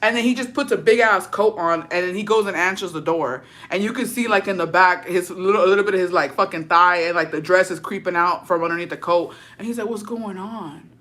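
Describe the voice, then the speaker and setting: A woman's voice: on the low side, fast talker, hardly any pauses, fairly bright tone. A woman streamer in casual chat with viewers, telling a story in slang full of swearing and laughter, dropping in words.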